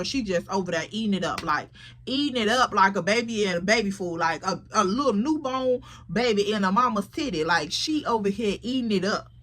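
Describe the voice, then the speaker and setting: A woman, casually telling a story to camera and quoting friends in quick, slangy voices. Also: medium pitch, fairly bright tone, a little hiss or hum. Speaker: storytime vlogger.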